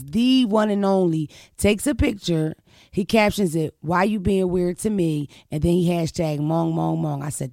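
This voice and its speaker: A woman's voice: fairly low pitch, a little mellow, dry recording, clean studio sound. A woman hosting a podcast, telling a story in a brash, profane, emphatic way and sprinkling in curse words. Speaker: podcast host. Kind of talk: casual storytelling chat.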